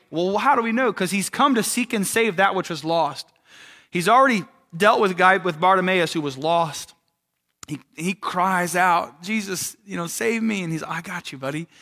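A young man preaching a casual, animated sermon, joking with the congregation and checking in with "right?". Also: sits high. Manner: animated, jokey, conversational, with frequent "right?".

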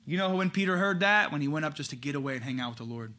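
A man preaching a conversational sermon, moving from lively acted-out quotes to quiet, slowed reflection. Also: fairly high pitch. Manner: conversational, animated, acts out quoted voices. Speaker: pastor.

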